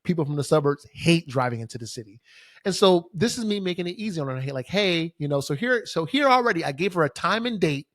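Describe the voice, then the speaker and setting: Exasperated podcast host, cursing. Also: male voice, a little high, animated, quick pace, fairly bright tone, no room sound, studio quality. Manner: casual, profane, exasperated ranting with many fillers. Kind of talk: solo podcast storytelling. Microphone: studio microphone facing camera.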